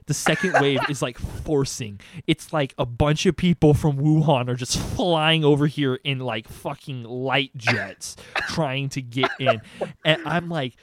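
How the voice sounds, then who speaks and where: A young man casually telling crude stories on a podcast, animated and profane. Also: medium pitch, a little slow, slight background noise. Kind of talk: casual storytelling chat.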